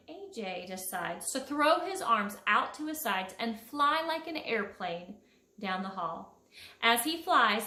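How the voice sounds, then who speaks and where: A woman, a children's book author, greeting schoolchildren and reading her picture book aloud with expressive, encouraging delivery. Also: a little high. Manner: warm, encouraging, expressive storytelling. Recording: echoey room.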